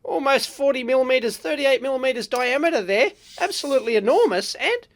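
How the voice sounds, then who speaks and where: Excitable Australian woman hosting an electronics vlog. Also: sits high, brisk. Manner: blunt, excitable, with frequent exclamations and fillers. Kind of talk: casual unscripted teardown commentary.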